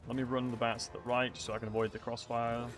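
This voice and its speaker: Here a man from England streams a strategy game with music in the background, rambling to his viewers through fillers and restarts in casual gameplay commentary. He's a fast talker with a medium-pitched voice that barely moves in pitch.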